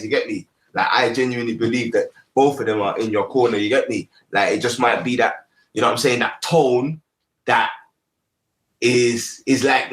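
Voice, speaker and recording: A man hosts a heated panel, talking a guest down with streetwise slang and patient repetition. His voice sits at a middle pitch. An echo hangs around his voice, as if he is in a bare room. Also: a bit bright. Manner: persuasive, streetwise slang, repeats himself. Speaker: host. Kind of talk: mediating an online panel.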